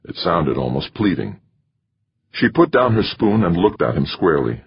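A man narrating an audiobook in a steady, measured reading. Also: extremely low pitch, gravelly, slight background noise. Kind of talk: scripted narration. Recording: dry, slightly muffled recording.

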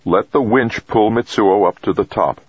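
A man voicing a focused male mission leader giving brisk instructions. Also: lowish voice, breathy edge, no room sound, lo-fi sound, voice pushed up. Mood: urgent.

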